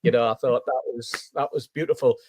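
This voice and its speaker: A man's voice: medium pitch, brisk, a little hiss or hum. A man telling a story as a podcast panelist, acting out the voices of the people in it. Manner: animated storyteller, acts out quoted voices. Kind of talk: casual anecdote telling.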